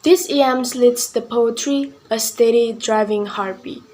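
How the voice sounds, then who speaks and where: A young woman presents in class, reading out her part slowly and carefully and sometimes going back over her words. Her voice sits a little high. Faint noise runs under the recording. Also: darkish tone. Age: young adult. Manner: careful, deliberate reading with restarts. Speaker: student presenter.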